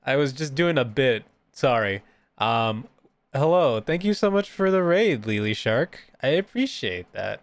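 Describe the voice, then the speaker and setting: A man's voice: mid-range voice, animated, a little slow, no echo. A man chatting casually and rambling with frequent giggles as he streams his drawing. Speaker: art streamer and VTuber. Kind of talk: casual live-stream chat.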